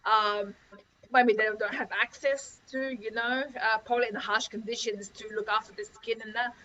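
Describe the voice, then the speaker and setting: A woman's voice: on the high side, fairly even intonation, normal speed, pushed and bright, a little hiss or hum. A woman on a group call, giving a rambling answer full of repeated fillers. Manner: rambling, repeats "obviously" and "you know". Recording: dull, muffled call audio.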